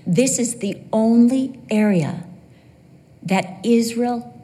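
A middle-aged woman preaching a sermon in a church, lively and humorous, acting out bits of dialogue with quick asides. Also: a little high. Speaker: women's Bible teacher. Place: church sanctuary. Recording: long hall reverb.

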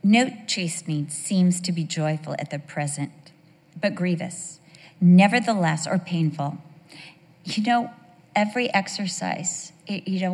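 Middle-aged lady preaching, low-ish voice, tells stories and throws questions at the crowd, long hall echo. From United States. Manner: chatty, storytelling, asks the audience questions. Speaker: women's devotional speaker. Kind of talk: sermon with personal stories. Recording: long reverb of a large hall.

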